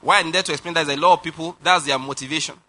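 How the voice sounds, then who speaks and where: A man preaching a sermon, animated, laughing and firing rhetorical questions at the congregation. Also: a little high, racing. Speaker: pastor.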